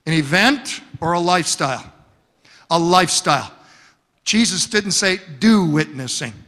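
Animated preacher in an echoing hall. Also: male voice, high-pitched, moderate pace. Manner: storytelling with humor and emphatic repetition. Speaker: pastor. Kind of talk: sermon.

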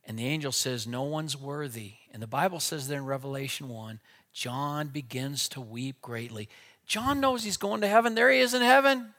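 A man preaching a sermon with dynamic delivery, dropping to a hush and then rising to loud, emphatic lines. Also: a little high, animated, moderate pace.

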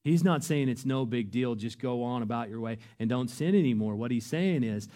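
A man preaching a sermon, earnest and emphatic, his voice rising to loud peaks. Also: medium pitch, animated, normal speed, few pauses. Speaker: pastor.

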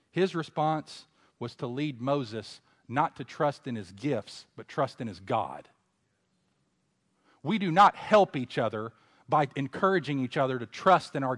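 A man preaching an expository sermon, moving between conversational asides and loud, emphatic exhortation. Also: expressive, unhurried, long pauses, in a large hall. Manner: builds to loud emphatic exhortation, then drops low; conversational asides and self-corrections.

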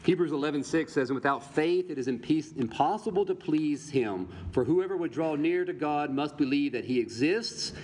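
A man's voice: a little high, lively intonation, normal speed, hardly any pauses, darkish tone. A man preaching a sermon to his congregation, putting rhetorical questions to them as he teaches from the Bible. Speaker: pastor. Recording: long reverb, faint background noise.

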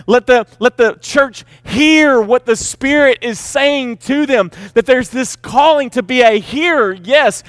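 Man preaching, high voice, emphatic, repeats key words, dry close sound. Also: fairly bright tone, no room sound. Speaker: pastor. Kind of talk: sermon.

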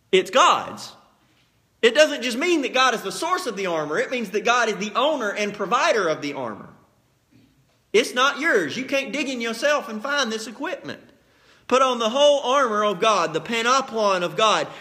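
A man preaching a sermon, telling Bible stories with lively acted-out scenes and plain, folksy asides. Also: high voice. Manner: animated storytelling, acts out scenes.

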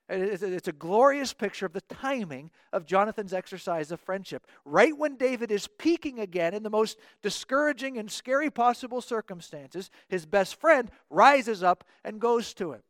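A man's voice: high voice, animated, moderate pace, hardly any pauses, a bit bright, no echo, studio quality. A man preaching a sermon in an earnest way, often doubling his words as he restarts a thought.

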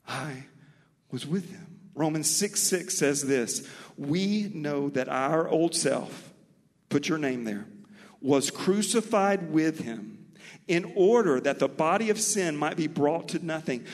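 A male pastor with a Mobile, Alabama Southern accent delivers a sermon, slipping into animated, folksy stories. His voice sits slightly higher than most men's. A long, lingering sanctuary reverb trails every phrase. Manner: animated storytelling preacher, folksy asides.

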